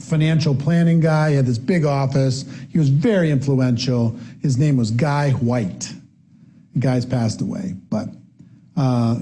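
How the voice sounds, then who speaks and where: A man giving a business seminar talk, telling a story with many restarts and acting out what people said. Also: on the high side. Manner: animated storyteller acting out quotes, frequent restarts. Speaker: seminar speaker.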